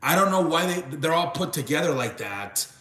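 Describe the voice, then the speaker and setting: A man's voice: on the high side, animated, normal speed, a bit bright. Rambling young man in an echoey room. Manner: rambling, restarts often, reacts to chat. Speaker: live show host. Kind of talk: casual live-stream wrestling chat.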